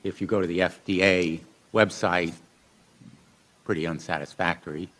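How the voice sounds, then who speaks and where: A man's voice: deep voice, steady tone, moderate pace, fairly bright tone. A middle-aged man, a senator, pointedly questioning witnesses at a formal hearing. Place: hearing room.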